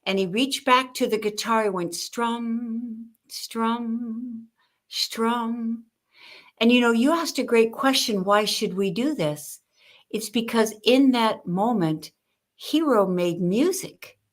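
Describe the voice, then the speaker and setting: An older woman, a guest on an interview show, telling lively stories about communication and acting out the people she quotes. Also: fairly high pitch, takes it slowly. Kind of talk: conversational interview with storytelling.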